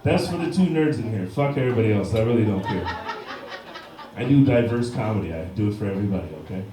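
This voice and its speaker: Loud, crude stand-up man in an echoey bar. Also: lowish voice, expressive, fast talker, slight background noise. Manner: crude, punchy, often shouting punchlines. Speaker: stand-up comedian. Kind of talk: stand-up set. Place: bar stage before a live crowd. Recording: distant mic with heavy bar room echo.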